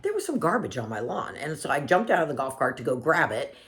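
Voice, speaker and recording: Speaking fast in a low voice with big swings in pitch, a woman vlogger earnestly tells her viewers a personal story. She's emotional and warmly addresses them as family.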